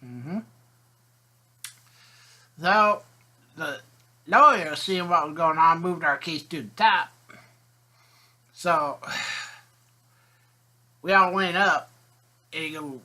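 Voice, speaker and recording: A man's voice: on the high side, extremely slow, pauses often, pushed and bright. A man telling a rambling, folksy comic story as a video host.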